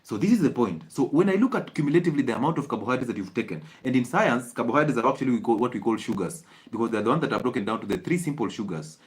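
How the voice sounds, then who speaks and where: A Kenyan-accented man delivers a health talk as a doctor. He presses his points hard, fires off rhetorical questions and repeats key phrases for emphasis. His voice sits at an ordinary male pitch. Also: expressive, very fast, hardly any pauses.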